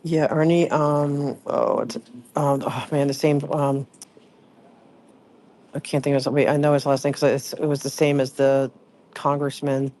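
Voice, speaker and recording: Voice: medium pitch, level tone, measured pace, darkish tone. A livestream host chatting casually, rambling and greeting viewers by name mid-sentence.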